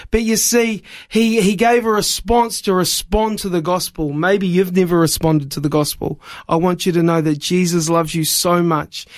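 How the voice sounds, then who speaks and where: A man, a guest telling a funny personal story in an animated, self-mocking way. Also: high-pitched. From New Zealand. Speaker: evangelist guest.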